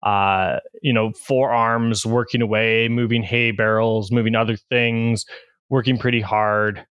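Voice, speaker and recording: Clear-voiced man narrating a tabletop game. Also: lowish voice, level tone, unhurried, a bit bright, no echo, muffled recording. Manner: casual, filler-heavy narration. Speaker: game master.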